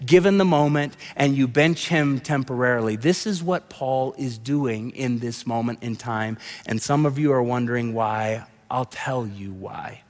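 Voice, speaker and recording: A man's voice: medium pitch, measured pace, few pauses. A male pastor preaching a sermon in a loose, conversational way, with frequent restarts and asides, in a large church sanctuary. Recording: long reverb of a large hall.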